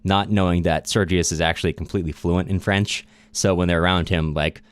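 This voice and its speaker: A man's voice: low-pitched, steady tone, fairly quick, smooth, no echo. A man co-hosting a casual literature podcast, retelling a plot loosely with fillers and chuckles. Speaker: podcast co-host.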